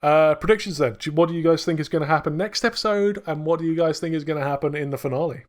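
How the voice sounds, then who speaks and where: A man's voice: on the high side, fast talker. A man co-hosting a podcast, chatting casually with enthusiasm, swearing and laughing often. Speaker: podcast co-host.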